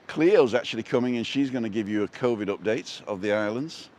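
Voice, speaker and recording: Here the Mancunian vlogger's voice sits in the mid range with a darkish tone, and his delivery is brisk. He's middle-aged, from North West England, chatting casually and digressing while recording a walking vlog on a seaside walkway, with slight background noise.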